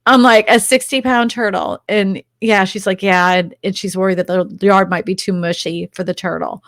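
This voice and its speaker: A woman, a real estate agent, chatting as a guest, telling lively stories and laughing often. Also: lowish voice, moderate pace, no room sound, clean studio sound. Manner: animated storyteller, laughs often, acts out quotes. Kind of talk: casual interview chat.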